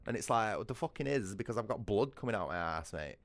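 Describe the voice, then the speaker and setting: A man's voice: low voice, expressive, fairly quick, few pauses, no room sound. A British man chatting casually on a gaming livestream, rambling and swearing a lot, often asking "you know what I mean". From Britain. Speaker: streamer.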